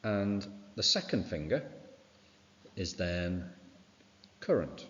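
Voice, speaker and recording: Very deep-voiced male teacher, revision lesson. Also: sing-song, slow pace, fairly bright tone. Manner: informal, fills with "right" and "okay". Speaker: science teacher. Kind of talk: exam revision walkthrough. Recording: dull sound with long reverb.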